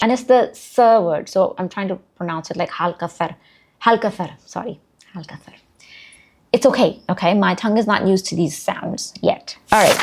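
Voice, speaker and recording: A woman who also speaks Urdu giving a casual, chatty language lesson, repeating words slowly and joking about herself. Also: medium pitch, darkish tone. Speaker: language learner teaching vocabulary.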